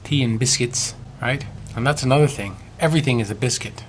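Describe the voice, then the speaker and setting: A man's voice: mid-range voice, fairly quick, a little hiss or hum. Profane man ranting on a vlog. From United States. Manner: profane, rambling rant; slips into mock British voices. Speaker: vlogger. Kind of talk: rambling video response.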